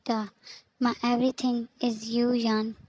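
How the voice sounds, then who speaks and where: A possessive, menacing young boyfriend from a fanfic story, read out by a woman in her own fairly high voice. He speaks flat and unhurried, with little rise or fall. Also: rough recording. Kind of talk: scripted fanfic reading.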